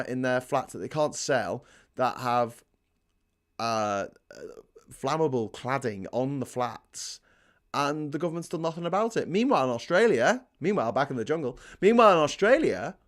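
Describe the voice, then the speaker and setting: Sardonic man ranting on a stream. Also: mid-range voice. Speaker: live-stream host. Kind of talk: casual live-stream commentary, reading out chat comments.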